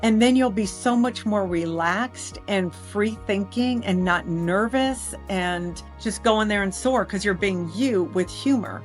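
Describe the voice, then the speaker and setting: A middle-aged woman giving a motivational talk as an improv teacher, telling lively stories and acting out dialogue. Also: mid-range voice. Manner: lively storytelling, acts out dialogue. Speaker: improv teacher and life coach.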